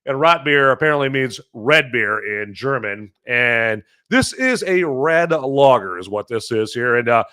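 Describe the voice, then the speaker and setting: Guy doing a beer review on a podcast, bright voice, rambly and jokey, lots of uhs. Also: mid-range voice, animated, a little slow, few pauses, clear, resonant tone. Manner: rambling and jokey, with many fillers and self-corrections. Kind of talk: casual chat.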